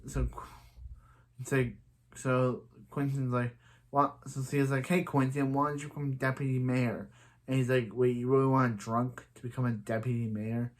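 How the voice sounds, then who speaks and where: Rambling man recapping a TV episode. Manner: rambling, many restarts, quotes characters in a higher voice. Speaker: show reviewer.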